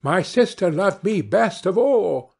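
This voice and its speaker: A man playing a cheerful, contented father in a storybook reading, speaking gently. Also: sits high, lively intonation, slow pace, gravelly, slightly rough, voice pushed up, full character voice. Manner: gentle and pleased.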